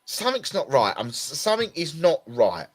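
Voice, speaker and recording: A man's voice: fairly high pitch, huge pitch swings, over a noisy crowd. Man, Essex accent, tired, rambling, restarts a lot, casual chat. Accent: Essex English. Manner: rambling, halting, many restarts. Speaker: podcast co-host. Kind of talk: casual conversation.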